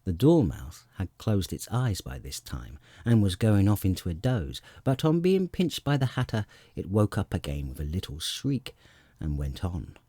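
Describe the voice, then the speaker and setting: A man narrating a storybook audiobook in an expressive storytelling manner, close to the mic. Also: low voice, normal speed, slightly rough, dry recording.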